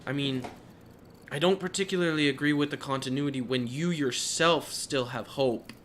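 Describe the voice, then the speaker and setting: A young man narrates his playthrough in a bright, forward voice, thinking aloud as he weighs each choice. He gets emotional and sometimes jumps into high exclaims. A faint hiss sits under the recording. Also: normal speed. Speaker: let's play commentator. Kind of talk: gameplay commentary.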